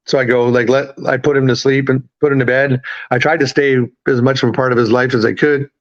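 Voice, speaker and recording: A man in his thirties, a podcast guest, telling his life story in a halting, rambling way with many fillers and restarts. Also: mid-range voice, level tone. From Canada. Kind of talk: casual storytelling. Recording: slightly dull lo-fi audio.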